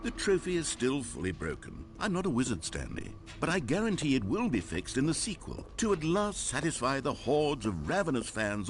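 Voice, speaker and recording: A man voicing a wry adult male video game narrator who talks in a dry, mock-sincere, teasing way. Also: mid-range voice.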